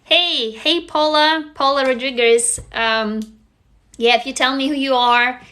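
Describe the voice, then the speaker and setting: A woman's voice: high voice, steady tone, unhurried, bright, forceful tone. A woman whose first language is Russian, hosting a casual live stream from a phone, greeting viewers and swearing freely. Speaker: livestream host.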